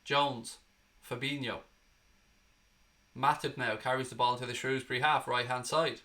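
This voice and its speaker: With a mid-range voice at a moderate pace, the Irish host of a fan channel reacts live to a match in a watchalong. His commentary is excitable, blunt and full of swearing.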